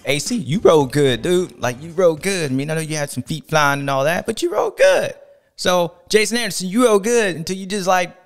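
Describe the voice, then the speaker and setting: A man hosting a casual sports podcast, talking in a playful, animated way and drawing out and shouting words for emphasis. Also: high-pitched, normal speed, soft background music. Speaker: podcast host.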